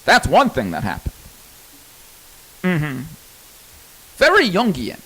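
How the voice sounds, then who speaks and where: A man's voice: a little high, wildly swooping pitch, slow pace, sharp tone, husky, low-quality recording. A man telling a personal story in a candid, rambling monologue, cursing freely.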